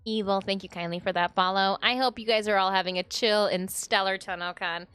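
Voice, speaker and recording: A woman's voice: mid-range voice, fairly even intonation, fairly quick, fairly bright tone, clean tone, no room sound. A woman in her thirties, a streamer in casual, playful chat with her viewers and her cat. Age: 30s. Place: home streaming room. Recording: dry close sound with music under it.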